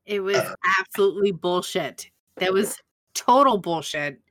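Casting: wry woman podcast co-host, bright tone, casual swearing. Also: medium pitch, expressive, moderate pace. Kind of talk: casual chat recapping a show.

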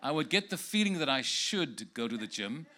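A man's voice: fairly high pitch, very animated, normal speed, sharp tone, a faint crowd, a little hiss or hum. A man preaching as a guest in a church, giving prophetic words to people in the congregation one by one and joking with them.

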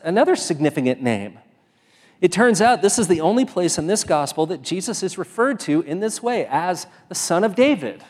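A man's voice: fairly high pitch, long reverb tail. A man preaching a sermon as pastor, talking in a conversational way with frequent fillers and restarts.

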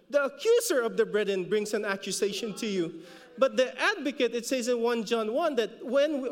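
High-voiced Filipino pastor in a reverberant hall. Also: male voice. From Philippines. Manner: repeats words for emphasis, rises in pitch when exhorting. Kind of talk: sermon.

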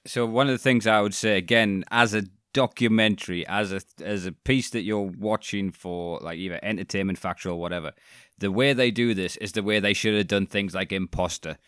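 A man's voice: fairly low pitch, fairly quick, fairly bright tone, smooth, no echo, studio quality. A man co-hosting a casual podcast chat, joking and swearing freely as he rants. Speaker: podcast co-host.

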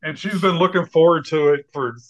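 A man's voice: fairly high pitch, a little fast, dull audio. A man co-hosting a casual podcast over a video call, wry and profane, laughing often. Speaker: podcast co-host. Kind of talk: casual chat.

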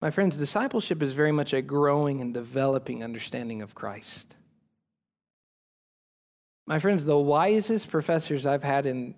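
Man, pastor, high voice, sermon, earnest, emphatic, repeats key phrases. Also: gravelly, darkish tone.

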